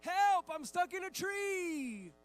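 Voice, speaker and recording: A man voicing his three-year-old son, who whines in high, drawn-out cries that he is stuck and needs rescue. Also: animated, slight background noise, full character voice. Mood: whiny pleading.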